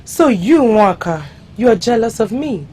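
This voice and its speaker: A Nigerian actress playing a proud, scheming young woman who speaks slowly and with disdain. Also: a little high, lively intonation, a little mellow, slight background noise. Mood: defiant. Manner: disdainful, slow, threatening. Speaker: actor. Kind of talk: film drama acting.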